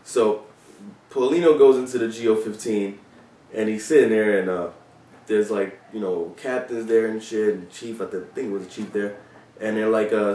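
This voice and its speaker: Man, low voice, ex-cop storyteller, casual, profane, filler-heavy, far from mic. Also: steady tone, normal speed, mellow. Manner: loose and profane, with many fillers. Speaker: former police officer telling stories. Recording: roomy sound from away from the mic.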